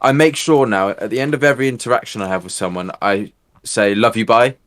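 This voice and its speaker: A man's voice: on the low side, brisk, fairly bright tone. A British man co-hosting a casual podcast, telling rambling, laughing anecdotes about gaming. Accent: British English. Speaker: podcast co-host. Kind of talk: casual chat.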